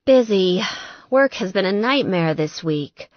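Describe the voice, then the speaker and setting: A woman's voice: mid-range voice, expressive, unhurried, no echo, highs cut off, lightly acted. A woman narrator voicing a busy young woman with a light, cheerful voice, kind but apologetic.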